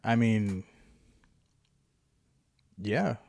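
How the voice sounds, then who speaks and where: A man with a somewhat low voice, co-hosting a podcast. He chats loosely and jokes around, rambling through his points with fillers. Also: expressive, very slow, gravelly, a little mellow, no room sound. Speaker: podcast co-host. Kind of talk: casual chat.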